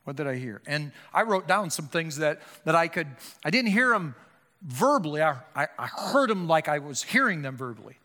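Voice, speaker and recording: An older man preaching a sermon, impassioned, swinging between loud emphatic calls and hushed low appeals. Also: very animated, normal speed. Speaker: pastor. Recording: long hall reverb.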